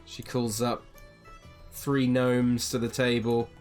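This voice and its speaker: A man's voice: medium pitch, level tone, slow, darkish tone, faint music behind. Rambling game master, a man. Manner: casual, rambling with many ums. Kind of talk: narrating a tabletop game.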